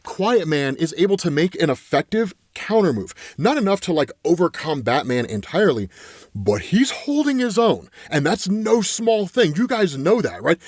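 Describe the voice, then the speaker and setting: A man's voice: fairly high pitch, a little mellow, no room sound, studio quality. A man hosting an enthusiastic, casual comic-book recap, tossing in "right?" and "just like" constantly. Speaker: comics explainer host.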